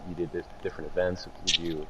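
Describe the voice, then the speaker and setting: A man's voice: deep voice, flat delivery, fast talker. A man co-hosting a podcast who stammers through long questions to his guest. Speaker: podcast co-host. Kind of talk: casual podcast interview. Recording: audible background noise.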